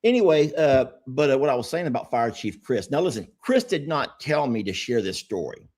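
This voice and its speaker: A man's voice: medium pitch, animated, fairly quick, a little mellow, breathy edge. A man, co-hosting a casual podcast chat and telling rambling stories. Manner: rambling storytelling, easygoing. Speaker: podcast co-host.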